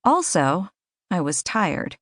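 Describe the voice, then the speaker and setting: A woman reading a thriller audiobook in measured, clear first-person narration. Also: on the low side, very animated, fairly bright tone, dry recording, clean studio sound.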